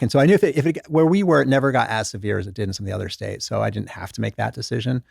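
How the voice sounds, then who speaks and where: Fast-talking gravelly middle-aged man. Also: mid-range voice, no echo, studio quality. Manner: animated, self-deprecating, lots of restarts and quoted inner thoughts. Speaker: guest author, former doctor. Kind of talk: casual interview storytelling.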